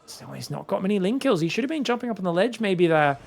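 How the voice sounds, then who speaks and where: A man commentating a strategy game solo, quick excitable play-by-play with casual asides to his viewers. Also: sits high, vocal fry, slight background noise. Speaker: esports caster.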